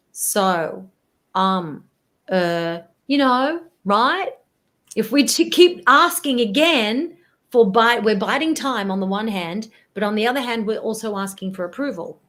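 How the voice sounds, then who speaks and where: Woman voice coach, animated. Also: medium pitch. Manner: animated, demonstrates voice habits. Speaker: voice presentation coach. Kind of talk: interview answers, coaching tips.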